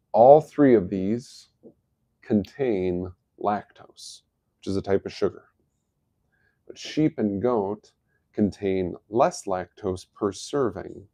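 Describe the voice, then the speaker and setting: A middle-aged man with a lowish, mellow voice hosts a live health talk, recorded in clean studio sound with no room sound. He explains things in an easygoing, casual way and chuckles at his own jokes.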